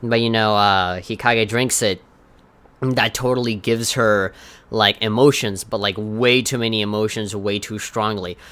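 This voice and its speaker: A man's voice: fairly low pitch, steady tone, measured pace, fairly bright tone, clean tone. A man co-hosting a casual gaming podcast, telling stories animatedly with laughs and casual swearing. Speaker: podcast co-host.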